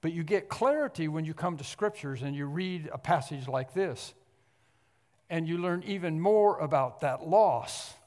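A man preaching an expository sermon, emphatic and repetitive, often clearing his throat. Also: on the high side, expressive, a little slow, a little mellow. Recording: long hall reverb.

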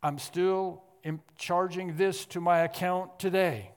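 A man preaching an expository sermon, emphatic and repetitive, often clearing his throat. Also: sits high, fairly even intonation, slow pace. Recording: long hall reverb.

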